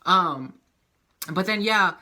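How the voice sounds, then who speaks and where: A young man casually recapping a soap opera, animated and profane, acting out the characters' lines. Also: high-pitched, slow.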